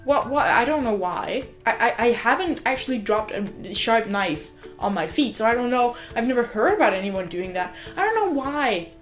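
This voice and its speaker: A young woman, a student, chatting casually in a vlog at home, excitable and gushing, swearing and filling her talk with "like". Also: fairly high pitch, normal speed. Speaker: student vlogger. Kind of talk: casual rambling vlog chat. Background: faint music from another room.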